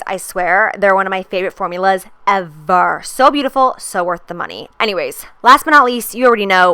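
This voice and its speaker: A woman's voice: medium pitch, pushed and bright, smooth, no room sound. A woman in her twenties narrating a makeup tutorial in a chatty, gushing way. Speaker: beauty vlogger.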